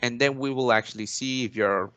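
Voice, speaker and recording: A young man plays the teacher in an English lesson role-play. His pitch is average for a man, and his phrasing is formal and polite, padded with "actually" and restarts. The sound is dry and close, with almost no room echo. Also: a little fast, sharp tone. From Mexico. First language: Spanish. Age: young adult.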